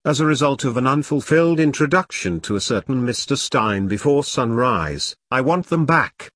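A menacing female assassin speaking in clipped upper-class English, voiced by a man reading a story. Her delivery is cold and precise, with a husky, dry tone. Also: mid-range voice, lively intonation, normal speed, a bit bright, dry recording. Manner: clipped, threatening.

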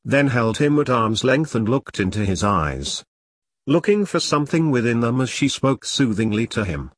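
A man reads a long detective story in a husky, breathy voice with a lively rise and fall. The sound is close and dry, with no room around it. He reads the punctuation aloud as words. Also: medium pitch, normal speed, no echo. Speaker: reader. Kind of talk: machine-read story narration.

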